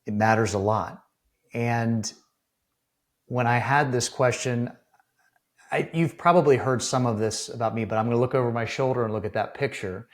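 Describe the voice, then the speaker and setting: A man's voice: mid-range voice, normal speed. A middle-aged man hosting a podcast, asking searching, rambling questions full of ums and restarts. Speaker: podcast host. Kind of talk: casual interview conversation.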